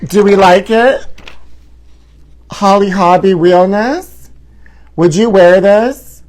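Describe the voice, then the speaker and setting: A man's voice: high-pitched, slow pace, darkish tone. A man in his forties hosting a live gossip talk show, flamboyant and sassy, calling his viewers honey. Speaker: host.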